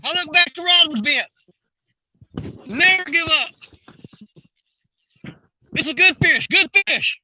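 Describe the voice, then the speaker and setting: A high-voiced, bright, excitable man talks to his viewers while fighting a fish at the water's edge. He is out of breath and draws his words out slowly. The sound is a little dull and lo-fi. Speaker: fishing vlogger. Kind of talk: excited live fishing commentary.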